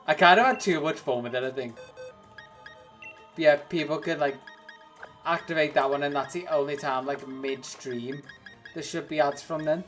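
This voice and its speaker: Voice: medium pitch, moderate pace, pauses often, a bit bright, soft background music. A streamer chatting casually to viewers during a game livestream, rambling between topics and laughing often. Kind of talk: casual livestream chat while gaming.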